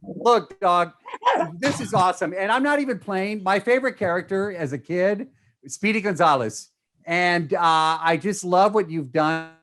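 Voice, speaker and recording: A man's voice: sits high, moderate pace, fairly bright tone. A man interviewing film talent at a press junket, effusive and enthusiastic.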